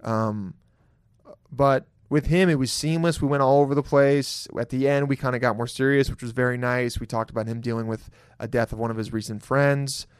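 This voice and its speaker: A man's voice: medium pitch, steady tone, a little fast, clear, resonant tone, no echo, clean studio sound. A man hosting a podcast, talking casually in a loose, jokey and profane way, laughing often. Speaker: podcast host. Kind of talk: casual solo podcast intro.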